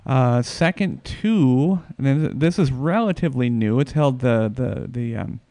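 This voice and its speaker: A man hosting a casual podcast chat, talking haltingly with many restarts and fillers. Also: mid-range voice, expressive, warm tone, no room sound. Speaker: podcast host.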